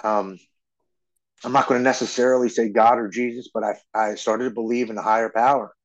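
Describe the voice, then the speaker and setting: A man in his forties telling his own story as a podcast guest, earnest and halting, often restarting his sentences. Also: mid-range voice, fairly even intonation, lo-fi sound. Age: 40s. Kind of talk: personal recovery story.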